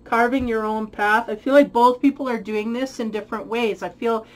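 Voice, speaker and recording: A woman's voice: on the high side, fairly even intonation, normal speed, rough recording. A woman giving a spiritual tarot reading who muses aloud, searches for her words and often breaks into light laughter. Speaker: tarot reader.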